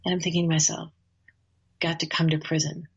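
A woman's voice: low-pitched, level tone, brisk, vocal fry, husky, muffled recording. A woman telling a personal story in a casual conversation, speaking earnestly with frequent small laughs and restarted phrases. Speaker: guest, course facilitator.

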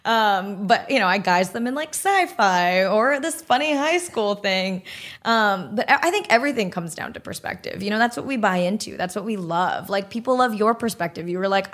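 A woman's voice: medium pitch, expressive, normal speed. American woman, candid and earnest. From United States. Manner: candid, earnest, heavy use of "like". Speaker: guest. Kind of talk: conversational podcast interview.

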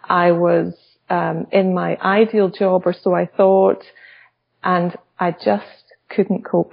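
A woman's voice: mid-range voice, creaky, slightly rough. A Scottish woman guest, a coach, telling her story candidly and reflectively. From Scotland. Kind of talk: interview storytelling. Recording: dull lo-fi audio.

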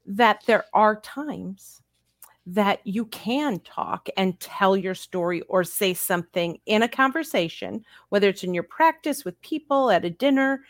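A woman co-hosting a podcast in casual chat, speaking calmly and reassuringly. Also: medium pitch, measured pace, dry recording. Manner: calm and reassuring.

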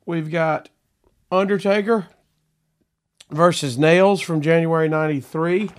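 A male host talks slowly and offhandedly, stumbling through thanks with plenty of fillers. He sounds queasy and lightheaded. The sound is close and completely dry. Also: on the high side, fairly even intonation, smooth, dry recording. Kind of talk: casual chat.

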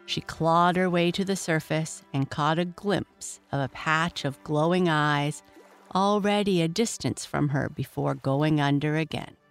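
Brief: unhurried bedtime story narrator, calm and measured, soft music faintly under the voice. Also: mid-range voice, clean tone.

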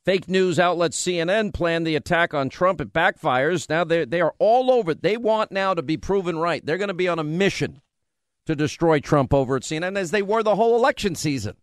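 Brief: male radio host, combative and sarcastic, slightly high voice, dry close mic. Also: animated, a little fast, dry recording. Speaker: radio talk show host. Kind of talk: opinionated talk radio monologue.

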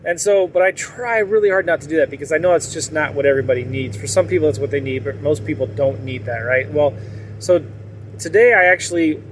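A man chats candidly to his audience, wandering from point to point and chuckling often. His voice sits a bit high for a man. A faint hum of traffic and ambient noise runs under him. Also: a little fast. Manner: rambling, candid, laughs often. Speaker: vlogger. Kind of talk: casual monologue to viewers.

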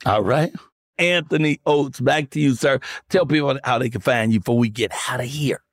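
A man's voice: medium pitch, normal speed, no echo, clean studio sound. A man hosting a comedy talk show, riffing loosely and profanely, telling jokes to his guests. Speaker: podcast host and comedian. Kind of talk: casual comedic chat.

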